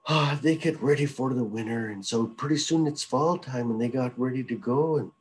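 A man's voice: mid-range voice, moderate pace, slight background noise, low-quality recording. Man telling a folk tale casually. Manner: loose, repetitive, conversational narration. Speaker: storyteller. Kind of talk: oral traditional storytelling.

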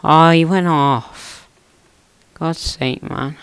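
A man's voice: fairly high pitch, fairly even intonation, very slow, gravelly, fairly bright tone, clean tone, dry recording. A young man talking to himself in a chatty, teasing way while commentating his own gameplay on a close mic. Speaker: gaming YouTuber.

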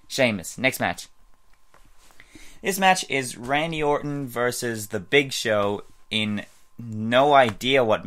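A man's voice: fairly low pitch, a bit bright. A man casually talking through his wrestling predictions in a video blog, rambling with lots of fillers and restarts. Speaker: wrestling fan vlogger.

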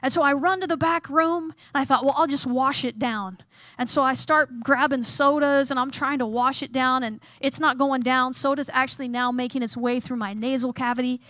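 A woman's voice: high voice, steady tone, moderate pace, a bit bright, no echo. A woman giving a humorous chapel sermon, telling self-deprecating stories and acting out scenes. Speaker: chapel speaker.

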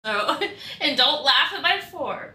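A woman's voice: sits high, lively intonation, slow, sharp tone. A woman streamer chatting casually on a livestream, giggling often and a little out of breath. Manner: giggly, laughs often between words.

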